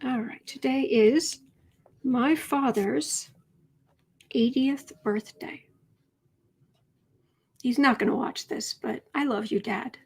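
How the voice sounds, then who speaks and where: Chatty woman livestream host, slightly high. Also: slow pace, creaky, long pauses, breathy edge. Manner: chatty, rambling, greets chat viewers by name. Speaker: tarot reading livestream host. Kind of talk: casual livestream chat.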